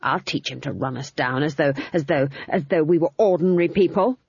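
Woman reader as an outraged elderly witch, slow husky delivery, dull dry recording. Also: low-pitched, dry recording, exaggerated voice. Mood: indignant. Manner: indignant shouting, drawn-out outbursts. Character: fierce proud old witch woman, easily outraged. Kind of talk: audiobook character voice.

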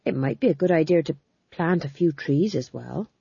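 A woman voicing an anxious, quick-witted male court jester who talks eagerly to please, in a dull lo-fi recording. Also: deep voice, gravelly, mellow, breathy edge, no echo, exaggerated voice. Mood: placating. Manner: nervous, eager to please, talks fast when cornered.

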